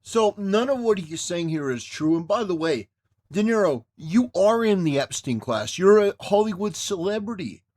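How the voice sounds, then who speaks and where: A man's voice: sits high, animated, normal speed, a little mellow. A man reacting to clips with scornful, sarcastic commentary. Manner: scornful and sarcastic, insulting, mock cheering. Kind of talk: mocking commentary.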